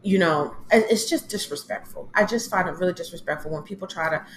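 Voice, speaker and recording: A woman hosting a casual solo TV recap, chatty and animated, acting out what people said in quoted voices. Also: fairly low pitch, fast, reverberant, a little hiss or hum. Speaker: TV recap host.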